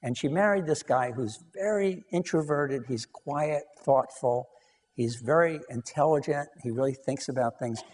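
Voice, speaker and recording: A man's voice: mid-range voice, moderate pace, a little mellow, big-room sound. A man giving a conversational lecture on couples research, telling anecdotes and acting out dialogue, with frequent "you know".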